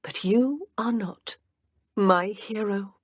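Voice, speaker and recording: A woman's voice: medium pitch, slow pace, breathy edge, dry recording, pitched above the performer's own voice. A woman voicing a playful, teasing young wife in an audiobook. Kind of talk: audiobook character reading.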